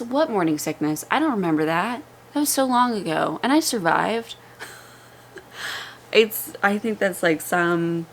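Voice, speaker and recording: A young woman chatting to her camera at home, candid and talkative, with a slightly low voice. She sounds worn out and laughs easily between thoughts. A faint hiss sits under the recording. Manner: chatty and candid, laughs often, rising excitement. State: exhausted. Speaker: vlogger. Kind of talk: casual chat. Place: at home, indoors. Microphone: vlogging microphone.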